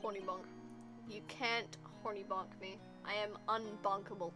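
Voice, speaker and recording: A woman's voice: medium pitch, fairly even intonation, moderate pace, over music. A British woman streaming a game, chatting with viewers in a playful, crude, joking way. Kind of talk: casual gameplay commentary.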